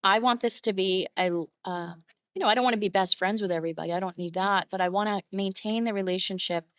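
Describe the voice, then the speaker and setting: Guesting on an interview podcast, a woman photographer talks quickly in a mid-range voice with no room sound. She shares stories in a warm, emotive, conversational way, bringing her clients' words to life when she quotes them.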